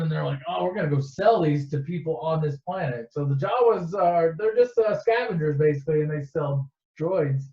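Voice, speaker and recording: A man tells a movie's story in a loose, joking campfire way, tripping over his words and tossing in crude asides. His voice sits a little high. The sound is echoey and dull, like a lo-fi home recording. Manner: rambling, swears, restarts, quick asides. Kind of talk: casual comedic movie retelling.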